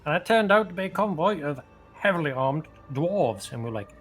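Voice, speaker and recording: A man's voice: a little high, big pitch swings, brisk, slightly rough, faint music behind. A man playing in a tabletop game, recapping in a loose, joking way and swearing a lot. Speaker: player. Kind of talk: casual recap chat.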